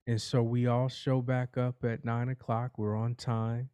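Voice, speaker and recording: A man preaching a sermon, telling a courtroom parable in a slow, dramatic storytelling manner. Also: mid-range voice, fairly even intonation, warm tone, smooth, no room sound.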